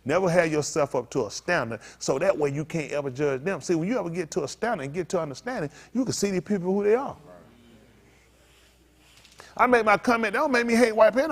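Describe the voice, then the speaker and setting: A middle-aged man preaching as a pastor, telling stories and swinging from low mutters to loud outbursts while acting out what others said. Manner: quotes others in acted voices, repeats phrases. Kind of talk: preaching in a storytelling way.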